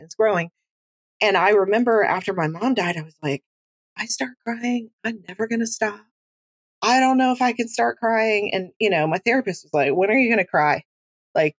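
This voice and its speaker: A middle-aged woman, a grief educator and coach, talking in an animated, chatty way with self-deprecating humor as an interview guest. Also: mid-range voice, no echo. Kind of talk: conversational interview talk.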